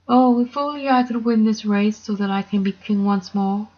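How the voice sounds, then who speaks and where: A woman's voice: mid-range voice, little pitch movement, normal speed, darkish tone, lo-fi sound, close to an everyday voice. A woman voicing a vain male lion king who is never satisfied, wistful and pleading.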